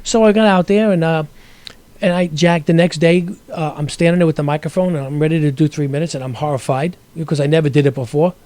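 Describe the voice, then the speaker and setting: Fast-talking man from Brooklyn. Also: on the high side, flat delivery, warm tone, no room sound. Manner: rambling storyteller with many restarts. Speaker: guest actor. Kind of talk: casual interview chat.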